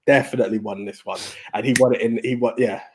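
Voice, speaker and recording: A young man chatting casually on a film podcast, relaxed and often chuckling as he repeats himself. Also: medium pitch, fast talker, background noise. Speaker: podcast co-host.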